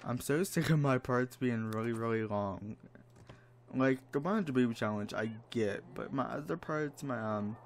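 Over a desk microphone with a little hiss or hum, a man with a medium-pitched voice speaks at normal speed. He's a let's play gamer giving casual life-sim commentary, theatrically exasperated as he pretends to scold the characters.

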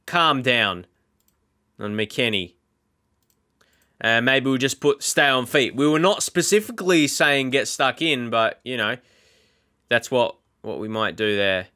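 A young man chatting casually while he plays a football management game, rambling with many fillers and getting excited at big moments. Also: mid-range voice, measured pace, pauses often. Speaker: gaming YouTuber. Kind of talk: casual Let's Play commentary.

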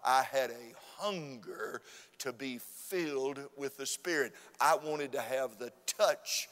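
A man preaching a revival sermon with fervent, repetitive emphasis that rises to loud urging. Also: mid-range voice, takes it slowly. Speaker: visiting preacher. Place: church sanctuary. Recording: long church hall reverb.

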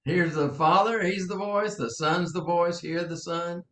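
Older male preacher, gravelly and a touch high, earnest and halting, in an echoey room. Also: fairly even intonation, fairly bright tone. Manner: earnest, halting, with many fillers and repeats. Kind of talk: teaching sermon.

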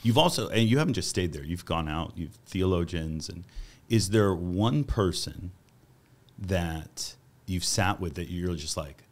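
A man hosting a casual interview, earnest and enthusiastic, quoting others with lively voices. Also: sits low, unhurried. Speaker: podcast host.

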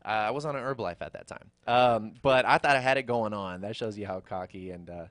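A young man hosting a casual studio chat, telling stories in an animated way and laughing often. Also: on the low side, a little fast, no echo. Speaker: host. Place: radio/TV studio.

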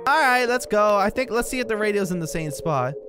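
A young man commenting on a horror game in a goofy, jokey way, with loud outbursts, over game music. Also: high voice, lively intonation, a little fast. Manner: goofy, jokey, breaks into shouts and silly singing. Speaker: gaming YouTuber.

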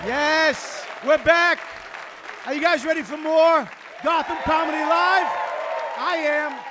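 Shouting comedy club host. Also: male voice, very high-pitched, takes it slowly, very noisy. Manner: shouting hype to the crowd. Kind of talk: introducing a comedian. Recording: live club, loud crowd, from off mic.

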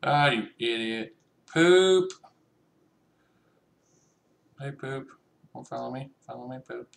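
A man's voice: mid-range voice, animated, slow pace, gravelly, roomy sound, slight background noise. A young man giving casual, joking gameplay commentary, profane and chatty as he talks to the other players.

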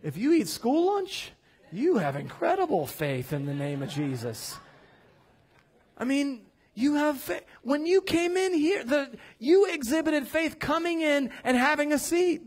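A man preaching a sermon as pastor in a church, animated, acting out quoted voices and rising to loud declarations. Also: very high-pitched, measured pace. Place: church sanctuary.

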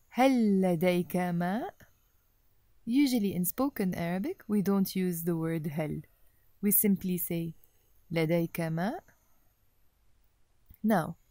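A woman giving a recorded Arabic language lesson, speaking deliberately and repeating each word for the learner. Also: mid-range voice, mellow, no room sound. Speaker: Arabic teacher.

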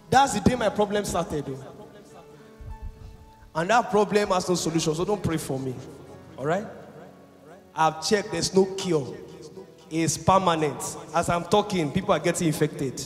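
Fervent high-voiced preacher. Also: male voice. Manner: fervent, swings between loud exhortation and hushed confession. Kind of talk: impassioned sermon. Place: large university chapel. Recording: echoey hall with music behind.

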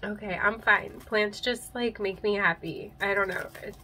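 A woman's voice: medium pitch, steady tone, normal speed, sharp tone, a little hiss or hum, low-quality recording. A young woman in a casual unboxing vlog, gushing and teary, her voice catching as she laughs and cries over what she unwraps, recorded on a handheld camera. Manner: gushing, emotional, breaks into laughs and tears. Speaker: plant vlogger.

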